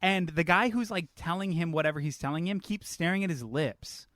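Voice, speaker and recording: A man's voice: fairly high pitch, fairly quick, fairly bright tone, no room sound, studio quality. A man co-hosting a film podcast, joking casually and acting out scenes with mocking quoted voices. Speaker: podcast co-host.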